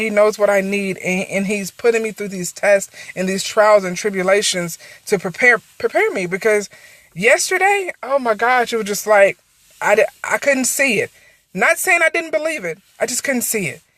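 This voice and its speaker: A woman's voice: medium pitch, a bit bright. A woman speaks into her phone on a livestream, pouring out an emotional, faith-filled testimony. She loops back on her phrases as the feeling builds. The sound is close and dry, with no room echo. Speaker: network marketing director.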